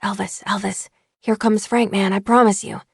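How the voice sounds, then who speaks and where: A man's voice: high voice, flat delivery, normal speed, gravelly, slightly rough, no echo, clean studio sound, exaggerated voice. Woman voicing a man whispering a nervous warning. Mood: urgent whisper. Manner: hushed, urgent.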